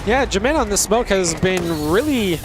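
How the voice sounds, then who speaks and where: High-voiced man casting esports. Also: lively intonation, normal speed. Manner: detailed, tactical, conversational. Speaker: esports caster. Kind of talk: play-by-play commentary. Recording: noisy background.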